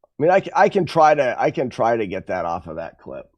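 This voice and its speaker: A man streaming his game work, talking things through in a casual, halting way. His voice moves expressively up and down as he muses and corrects himself, and he keeps up a loose, self-correcting flow. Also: medium pitch, big pitch swings, muffled recording. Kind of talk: casual think-aloud commentary.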